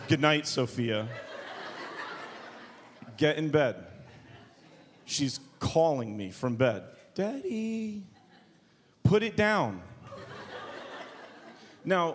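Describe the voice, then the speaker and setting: A pastor in his thirties preaches to his congregation, sharing a family story in a joking, conversational way. His voice is medium in pitch, and there is slight background noise.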